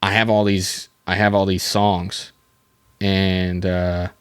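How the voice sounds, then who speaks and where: A young man with a fairly low voice talks through a casual solo podcast episode, halting and restarting often as he rambles. He chuckles at his own stories now and then. The sound is dry and close, with no room around it. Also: flat delivery, clean tone, dry recording. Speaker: podcast host.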